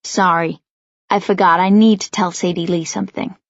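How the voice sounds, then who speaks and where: A woman's voice: lowish voice, steady tone, moderate pace, no room sound. Woman reading an audiobook. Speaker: audiobook narrator. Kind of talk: first-person audiobook narration. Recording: dull, lo-fi dry audiobook recording.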